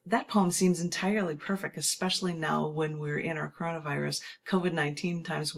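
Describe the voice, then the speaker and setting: Poet on radio: woman, low husky voice, relaxed chatty delivery. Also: fairly quick, few pauses. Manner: casual, chatty, plugs her books. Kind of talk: poetry reading on a radio show.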